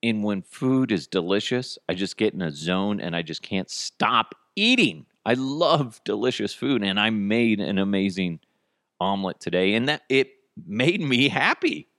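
A man's voice: fairly low pitch, expressive, unhurried, fairly bright tone, dry recording, clean studio sound. A man in his thirties hosting a casual solo podcast, rambling and cursing with self-mocking humor. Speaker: podcast host. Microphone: headphones and studio mic.

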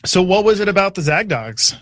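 Playful man hosting, slightly higher voice. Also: big pitch swings, fairly bright tone, no room sound, studio quality. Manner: playful, teasing, quick questions. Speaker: podcast host. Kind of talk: casual chat.

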